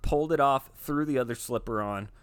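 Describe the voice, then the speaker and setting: A man co-hosting a podcast, telling long comic stories in a relaxed, laid-back way. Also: mid-range voice, clean tone, no echo. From United States. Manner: laid-back storyteller, drawn-out comic anecdotes. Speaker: podcast co-host. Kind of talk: casual podcast chat.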